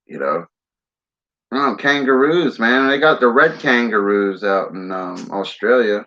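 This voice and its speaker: Philly-raised male streamer, loose rambling talker with a sharp tone. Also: lowish voice, expressive, moderate pace. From Philadelphia area, US. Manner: rambling, keeps saying "man"; smokes while talking. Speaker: livestream host. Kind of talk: casual livestream chat. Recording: dull lo-fi stream audio.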